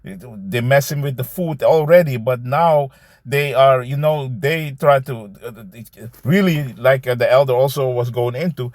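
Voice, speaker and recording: A man's voice: medium pitch, darkish tone, no room sound. Man preaching loosely, dry close sound. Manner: loose and conversational, repeating "man" and "you see"; reads verses aloud slowly, then comments. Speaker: scripture teacher. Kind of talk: informal scripture teaching.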